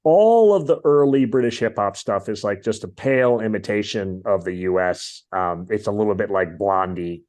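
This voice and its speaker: A man's voice: on the low side, moderate pace, few pauses, darkish tone. A man hosting a podcast, chatting casually about music in an opinionated, rambling way full of fillers. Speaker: podcast host.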